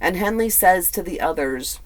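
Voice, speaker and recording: A man's voice: sits high, animated, moderate pace. Man telling a true crime tale casually. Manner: conversational, swears and adds blunt asides; filler-heavy, repeats words. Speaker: true crime podcast host.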